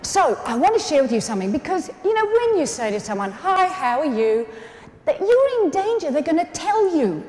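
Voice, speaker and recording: A woman's voice: very high-pitched, brisk, few pauses. A woman with an Australian accent giving a playful, comedic motivational keynote in a large hall. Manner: animated, playful, acts out quoted voices. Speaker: keynote speaker. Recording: echoey hall, faint ambience.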